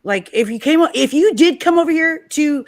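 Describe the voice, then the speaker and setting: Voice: sits high, expressive, fairly quick, no room sound. A livestream host speaking hesitantly, restarting often and apologizing. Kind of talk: casual chat.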